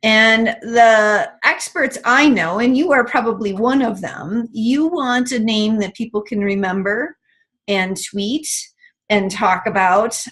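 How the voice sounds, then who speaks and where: A woman's voice: on the high side, takes it slowly, a bit bright. A woman hosting an interview, welcoming her guest and asking open, encouraging questions. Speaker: interview host. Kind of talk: conversational interview.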